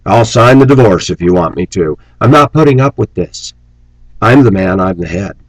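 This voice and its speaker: A man's voice: animated, normal speed, no echo, low-quality recording. A man delivering an angry, preachy rant on his vlog, scornful and sarcastic. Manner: mocks opponents in shrill put-on voices. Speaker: vlogger.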